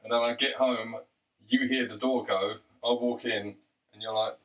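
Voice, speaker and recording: Guy rambling crude jokes, bright voice, kinda far from the mic. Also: mid-range voice, steady tone, normal speed. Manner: crude, chatty, keeps urging the listener on. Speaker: comedian. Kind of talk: rambling comic monologue.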